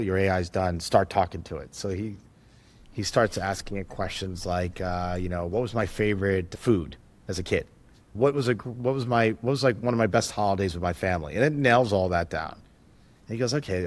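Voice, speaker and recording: A man, a tech entrepreneur, speaking as a podcast guest, telling stories with lively acted-out quotes and frequent restarts. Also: on the low side. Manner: animated, acts out quoted dialogue, frequent restarts. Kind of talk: conversational storytelling.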